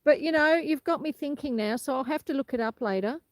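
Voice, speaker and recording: Aussie lady live streaming from her farm, windy outside, bit high voice, chatty, phone mic. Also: brisk. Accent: Australian. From Australia. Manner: chatty, laughs easily, talks to viewers by name. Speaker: livestream host. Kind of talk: casual livestream chat, reading comments aloud.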